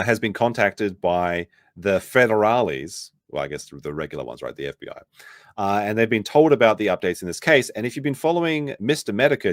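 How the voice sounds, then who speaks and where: A man's voice: on the low side, no echo, clean studio sound. A young man giving a swearing, incredulous livestream commentary, his voice jumping up when he is outraged. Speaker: commentary streamer.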